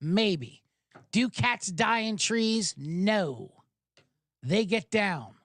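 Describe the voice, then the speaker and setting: A man's voice: high-pitched, lively intonation, drawn-out words, fairly bright tone, no echo, studio quality. A man hosting a sports betting podcast, talking in a hyped, rambling way, swearing and spinning jokey analogies. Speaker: podcast host.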